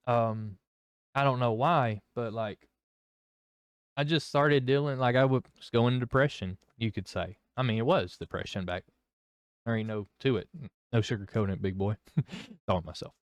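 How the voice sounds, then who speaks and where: In a vlog, a young man gives his testimony in a frank, meandering way, full of fillers and false starts. His mid-range voice sounds clean and resonant, captured with clean studio sound and no echo.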